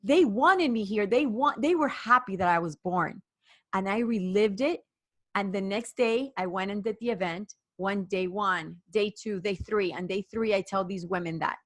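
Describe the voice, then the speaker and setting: A woman coach as a podcast guest, retelling a personal story with rushed restarts and quoted dialogue. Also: medium pitch, no room sound. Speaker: guest, women's performance coach.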